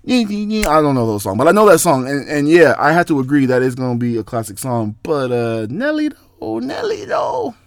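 A man's voice: a little fast, few pauses, a little mellow, no echo. A young man hosting a casual podcast, ranting in a rambling, profane way. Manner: profane, rambling, jumpy pitch. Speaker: podcast host. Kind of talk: casual rant monologue.

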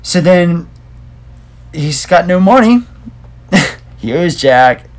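A man's voice: high voice, big pitch swings, slow pace. A man co-hosting a casual movie review podcast, talking in a loose, rambling, laid-back way. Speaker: podcast co-host.

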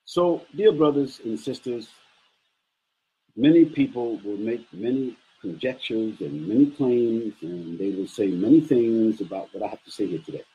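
A man's voice: lowish voice, animated, moderate pace, warm tone, husky, lo-fi sound. A middle-aged man preaching a lecture sermon, emphatic and rhetorical, sometimes mimicking his critics. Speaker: Islamic preacher.

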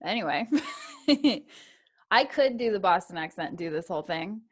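A woman's voice: on the low side, lively intonation, moderate pace. A woman hosting a podcast, chatting casually and laughing often. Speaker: podcast host. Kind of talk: casual chat.

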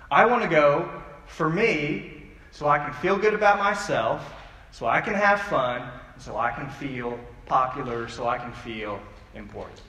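A man's voice: on the high side, fairly bright tone. Storytelling male youth pastor, echoey hall. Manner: storytelling, conversational, asks the audience questions. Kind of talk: youth sermon. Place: church hall.

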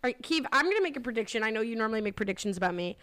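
A woman hosts a podcast in casual, chatty conversation, steering the discussion and reading out listener questions. Her voice is fairly high and smooth, bright and forceful, with lively intonation and rapid-fire delivery.

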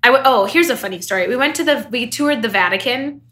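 A young woman with a bright, crisp voice pitched a little high talks in a relaxed, rambling way, full of fillers and quick giggles. She sounds like a podcast co-host trading stories with a friend. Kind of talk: casual chat.

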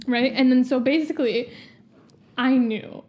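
A woman's voice: sits high, unhurried, a little mellow, muffled recording. A young woman co-hosting a podcast, chatting casually and rambling with lots of "like". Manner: rambling, heavy use of "like". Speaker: podcast co-host. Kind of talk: casual chat.

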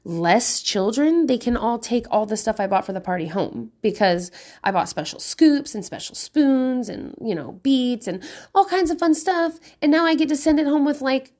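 A woman's voice: a little high, lively intonation, moderate pace, a little mellow. A woman in her thirties chatting casually about parenting, swearing freely, often laughing and saying "like". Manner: chatty, profane, laughing, lots of likes. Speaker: parent podcaster. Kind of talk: casual monologue.

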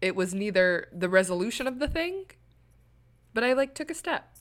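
A young adult woman co-hosting a podcast, telling a personal story in casual chat with candid, animated delivery. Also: medium pitch, normal speed. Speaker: podcast co-host.

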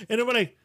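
High-voiced man telling crude stories. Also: vocal fry, bright, forceful tone. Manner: rambling storyteller, acts out quotes in a higher voice. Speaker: podcast host. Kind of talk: casual crude chat.

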